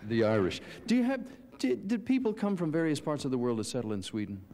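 A man's voice: on the high side, very animated, quick pace, mellow. A man hosting a 1970s televised interview, chatty and joking with his guests. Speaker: TV show host. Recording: 1970s TV broadcast.

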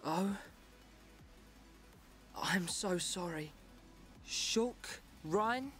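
A remorseful young boy from a video game. He speaks very slowly and meekly, his voice sitting low. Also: animated, a bit bright, faint music behind, exaggerated voice. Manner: apologetic, slow.

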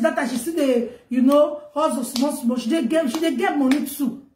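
A woman speaking Nigerian Pidgin English tells an emotional gossip story as a vlogger, her voice rising and growing loud when she gets upset. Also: high voice, a little fast, reverberant, a little hiss or hum. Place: home in Germany.

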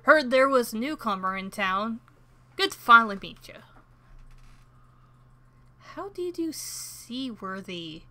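A woman puts on a hearty old fisherman for a farming game, with folksy sea-dog phrasing. The voice is bright and forward, and sounds like a friendly shopkeeper by the docks. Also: a little high, animated, measured pace, pauses often. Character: hearty old male fisherman with a sailor's twang.

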